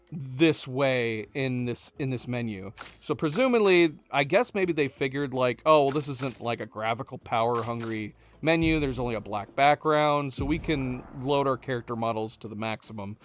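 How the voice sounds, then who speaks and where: A man streaming a video game, talking casually and thinking aloud with many restarts and fillers. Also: a little high. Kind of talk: casual live-stream commentary.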